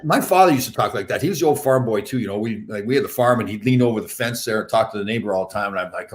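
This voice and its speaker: A man's voice: lowish voice, rapid-fire, few pauses. A man hosting a casual chat, teasing his guest with dry jokes. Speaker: host.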